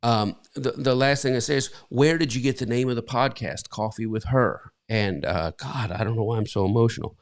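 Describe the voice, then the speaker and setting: A man's voice: mid-range voice, a little fast, few pauses, smooth. A middle-aged man, a pastor co-hosting a casual live podcast from his bedroom, rambling and emotional with many fillers. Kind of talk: casual live-stream chat. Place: home bedroom.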